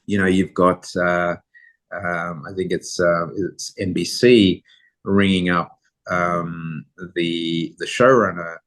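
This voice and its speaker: A middle-aged man with a very low voice that stays level and barely rises or falls. He tells long, rambling anecdotes in a relaxed, casual way as a podcast guest. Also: slow pace. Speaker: guest photographer. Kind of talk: casual interview storytelling.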